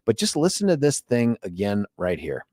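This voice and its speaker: A middle-aged man hosting a talk radio show, animated and jokey, chatting into a studio microphone. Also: fairly low pitch, dry recording. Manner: animated, jokey, does quick impressions.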